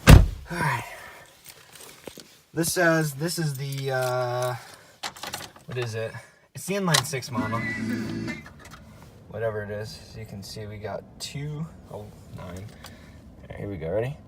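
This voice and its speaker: A young man filming a casual car vlog outdoors in the cold, talking in a rambling, offhand way. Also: mid-range voice. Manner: rambling, offhand, fills pauses. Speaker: car video maker. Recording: loud outdoor engine noise. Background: idling engine noise.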